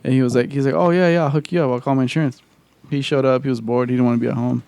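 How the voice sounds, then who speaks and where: A man's voice: mid-range voice, steady tone, rapid-fire, darkish tone, clean tone, no room sound. A man co-hosting a podcast in casual chat, a laid-back storyteller who swears a lot and laughs often. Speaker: podcast co-host. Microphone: studio mic.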